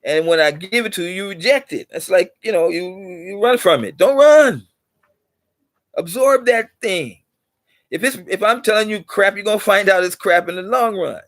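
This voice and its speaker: A channel host, middle-aged and somewhat high-voiced for a man, talks at a normal speed in a rambling lecture to his audience. He keeps coming back to the same points and gets animated to press them. The sound is dry and close-miked, free of room echo.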